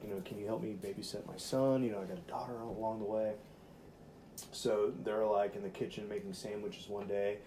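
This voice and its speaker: A man's voice: lowish voice, a little hiss or hum. A man co-hosting a podcast, telling a story in casual chat, rambling with lots of "like" and swearing, and acting out the voices in his quotes. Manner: rambling, heavy use of "like" and swearing; animated, acts out voices in retold quotes. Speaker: podcast co-host.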